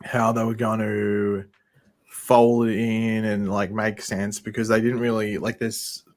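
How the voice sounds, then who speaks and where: A man's voice: fairly low pitch, level tone, measured pace. A man with an Australian accent, chatting loosely on a panel stream with many restarts and fillers. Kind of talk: casual panel chat.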